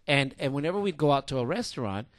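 A man co-hosting a casual chat show, telling stories in an animated, joking way, calling people dude and bro. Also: medium pitch, fast talker, no echo. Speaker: podcast co-host.

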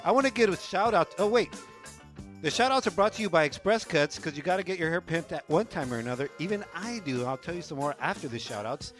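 A man with a high, bright-toned voice, bantering as a radio co-host. He jokes playfully and tags his sentences with "eh?" over light music. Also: expressive, quick pace. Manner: playful, joking, tags lines with "eh?". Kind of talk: casual radio banter and shout-outs.

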